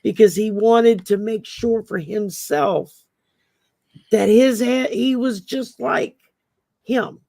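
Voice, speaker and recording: A man's voice: high voice, slow pace, gravelly, darkish tone, no room sound. A man hosting a live online chat, telling stories in a loose, rambling way and often restarting his phrases. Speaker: host. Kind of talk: casual live-stream chat.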